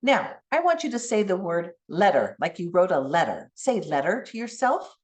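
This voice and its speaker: A middle-aged woman giving a conference keynote, teacherly and animated, coaching the audience through speech sounds. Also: on the low side, moderate pace. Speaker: keynote speaker.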